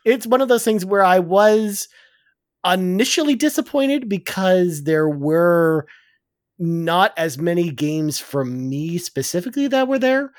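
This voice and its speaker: Lively, sarcastic male co-host. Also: high voice, unhurried, no room sound, studio quality. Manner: playful, sarcastic, animated. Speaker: podcast co-host. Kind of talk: casual live-stream chat.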